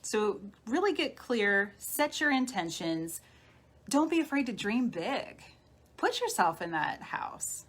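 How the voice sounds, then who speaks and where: A woman healer giving a live-streamed talk, guiding listeners gently through steps like a coach. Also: a little high, sing-song, slow pace. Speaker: spiritual healer. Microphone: phone or webcam on a live stream.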